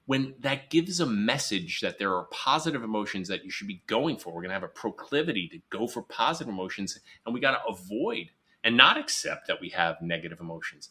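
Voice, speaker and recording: A man with a fairly low, bright, forward voice, speaking as a psychologist guest on a podcast. He explains ideas earnestly and emphatically. Now and then he slips into quoted voices to make a point. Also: very animated, brisk, hardly any pauses. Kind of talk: podcast interview.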